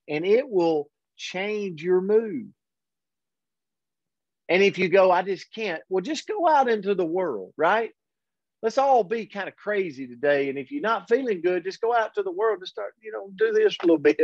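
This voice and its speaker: Male motivational host, slightly high voice, earnest and upbeat, dull dry lo-fi recording. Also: unhurried, no room sound. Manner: energetic and earnest, often says "man". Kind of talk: daily motivational pep talk.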